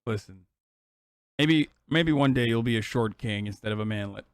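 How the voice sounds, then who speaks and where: A man's voice: mid-range voice, normal speed, smooth, dry recording, studio quality. A man streaming live, reacting to clips with loose, profane, rambling commentary.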